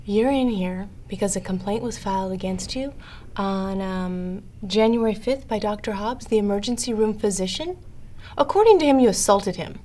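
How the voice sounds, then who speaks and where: An actress playing a no-nonsense police psychological evaluator who speaks in curt, professional tones. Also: female voice, mid-range voice, normal speed, dark tone, slight background noise, close to an everyday voice. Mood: stern. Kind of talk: film dialogue.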